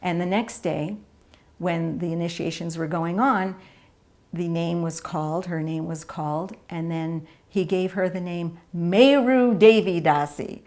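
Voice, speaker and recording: A woman's voice: fairly low pitch, normal speed. Chatty woman telling an old story. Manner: lively storytelling, chatty fillers. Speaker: devotee recalling memories. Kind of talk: reminiscing interview.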